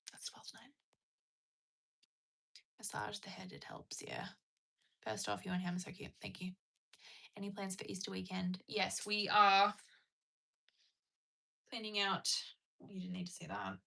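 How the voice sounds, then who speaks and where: A woman's voice: mid-range voice, lively intonation, normal speed, gravelly, pauses often, bright, forceful tone. A young woman hosting a casual livestream from home, chatting and answering viewer comments. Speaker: livestream host. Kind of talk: casual live-stream chat.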